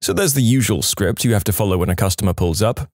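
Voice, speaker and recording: A man narrating a string of reader-submitted service-job stories in a wry, deadpan way. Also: fairly low pitch, fast talker, no echo, clean studio sound.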